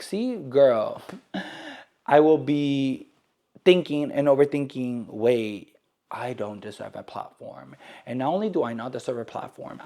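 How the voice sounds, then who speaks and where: A man's voice: mid-range voice, a little mellow. A young man ranting to camera in a sarcastic, rambling, dramatic way. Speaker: vlogger. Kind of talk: casual rant to camera.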